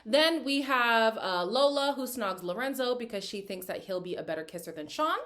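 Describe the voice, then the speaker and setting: A woman's voice: fairly high pitch, expressive, normal speed, fairly bright tone. A woman giving casual, opinionated commentary as she recaps a reality dating show, talking straight to her viewers. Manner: opinionated, chatty, slips into quoted voices.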